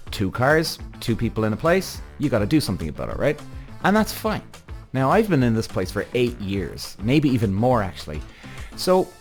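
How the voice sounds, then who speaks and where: A man hosting a podcast, telling a story in an exasperated rant full of swearing. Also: medium pitch. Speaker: podcast host. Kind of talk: ranting podcast monologue.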